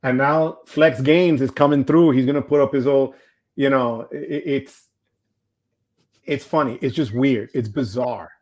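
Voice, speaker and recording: A man's voice: mid-range voice, steady tone, measured pace, a little mellow. An older retired man hosting a casual livestream chat, heartfelt and rambling, with frequent restarts. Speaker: livestream host.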